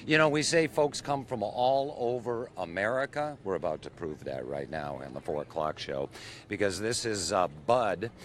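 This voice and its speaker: A man's voice: fairly low pitch, normal speed, a little hiss or hum. A man, a TV field reporter doing upbeat, folksy live interviews outdoors at a car show. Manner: folksy, upbeat, lively delivery. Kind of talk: live on-location broadcast interviews.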